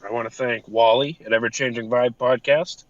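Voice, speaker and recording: A man's voice: medium pitch, fairly even intonation, moderate pace, no echo, highs cut off. Swearing man reading thank-yous. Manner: swears casually, reads off a thank-you list. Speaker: podcast co-host. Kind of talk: casual podcast chat.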